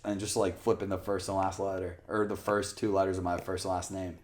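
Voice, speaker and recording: A man's voice: sits low, level tone, brisk, a little mellow. Rambling, swearing young man. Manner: rambling storyteller, swears a lot, acts out quotes. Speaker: podcast co-host. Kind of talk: casual podcast chat.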